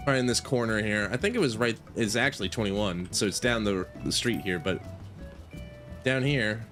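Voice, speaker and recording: A man's voice: lowish voice, fairly quick, a bit bright, faint music behind. A man chatting casually to his viewers while streaming a game, rambling and correcting himself as he goes. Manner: rambling, self-correcting, talks to chat. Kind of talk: casual gaming stream chat.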